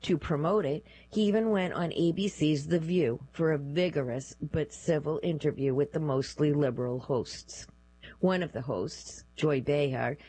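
Low-voiced woman reading a news article. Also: slightly rough, low-quality recording. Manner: measured, even read-aloud delivery. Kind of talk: scripted narration of a news article.

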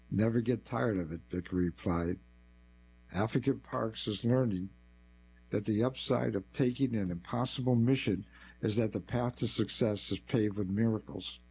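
A man narrating a nonfiction article as scripted narration, with a measured, even delivery. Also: on the low side, husky, rough recording.

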